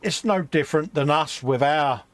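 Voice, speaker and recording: A man's voice: fairly high pitch, moderate pace. A man from England co-hosting a live stream, chatting casually and mostly answering with short agreements. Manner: agreeable, brief backchannel replies. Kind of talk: casual chat.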